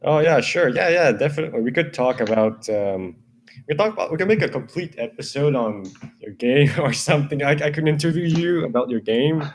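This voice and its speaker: A man's voice: a little high, animated, fairly quick, slight background noise. A young man co-hosting a casual podcast chat, who talks eagerly, repeats himself and laughs often. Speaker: podcast co-host.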